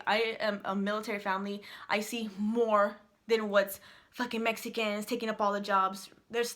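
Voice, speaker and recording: A woman's voice: mid-range voice, fairly bright tone. A woman from San Antonio, Texas, ranting to camera in a blunt, heated way and swearing often. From San Antonio, Texas, USA. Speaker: vlogger. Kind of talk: casual to-camera rant.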